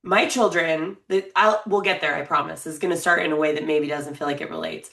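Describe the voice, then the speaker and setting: A woman in her thirties talks with a lowish voice, loose and conversational. She is playful and quick to laugh as she co-hosts a casual podcast chat. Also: steady tone, vocal fry, a bit bright. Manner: chatty, playful, laughs often. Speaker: podcast co-host.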